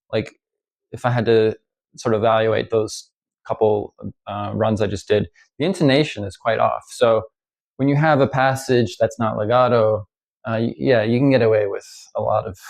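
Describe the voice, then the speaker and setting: A man explains violin practice in a loose, unscripted way, often pausing and restarting his thoughts. His voice sits in a middle range with a gravelly, creaky edge. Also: medium pitch, a little mellow. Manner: halting, many fillers and restarts. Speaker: violin teacher. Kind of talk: casual instructional talk.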